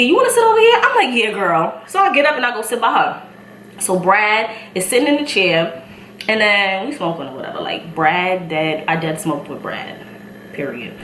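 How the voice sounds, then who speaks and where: A young woman in her twenties with a Brooklyn New York accent, telling an animated story while doing her makeup and acting out the people in it. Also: medium pitch. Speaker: beauty vlogger. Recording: echoey room, faint ambient noise.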